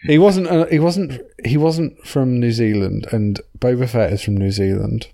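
A man's voice: mid-range voice, normal speed, creaky, dark tone. A man hosting a podcast in casual chat, jokey and rambling, laughing often. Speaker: podcast host.

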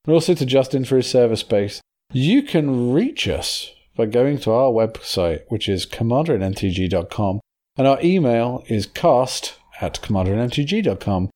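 A man's voice: medium pitch, warm tone. A man hosting a podcast in casual chat, jokey and rambling, laughing often. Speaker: podcast host.

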